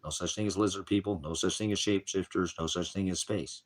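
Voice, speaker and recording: Deep and husky, this street preacher speaks fast in a steady tone through a loose, wandering sermon. He picks fights, curses without restraint and keeps clearing his throat between points.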